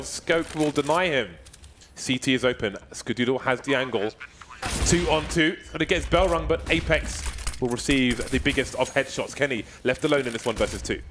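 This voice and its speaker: Dude casting esports on a headset, jokey drawl, yells on big plays, faint hiss. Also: male voice, mid-range voice, fairly quick. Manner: jokey, drawls then bursts into shouts. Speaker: esports caster. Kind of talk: live color commentary.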